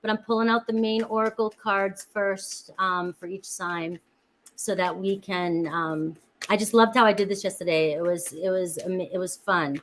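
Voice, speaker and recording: A woman's voice: medium pitch, pushed and bright, rough recording. A woman chatting casually with viewers while giving a tarot reading, calling out each sign and greeting people by name. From Florida, USA. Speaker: tarot reader.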